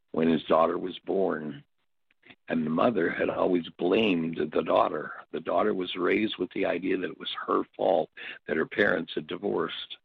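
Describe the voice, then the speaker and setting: An older man leading a workshop, telling stories and teaching in a reflective, halting way with pauses and restarts. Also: low voice, creaky, husky, no room sound. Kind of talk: spoken teaching talk with stories. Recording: dull, dry lo-fi audio.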